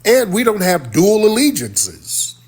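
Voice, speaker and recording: A man hosts a live stream and scolds a caller, repeating "sir" with sharp disdain. His voice is husky and somewhat high for a man. His pitch leaps around a great deal as he argues. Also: wildly swooping pitch, unhurried. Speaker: livestream host. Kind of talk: heated live-stream argument. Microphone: phone or desktop mic on live stream.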